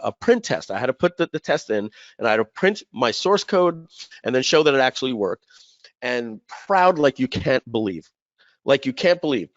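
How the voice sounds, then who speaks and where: A man's voice: mid-range voice, dry recording. A man in his fifties tells a personal story to a live webinar audience. He acts out the voices of people in the story and stumbles through restarts as he talks. The recording is dry and a little dull. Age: 50s. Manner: animated, acts out quoted voices, many fillers and restarts. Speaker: webinar host.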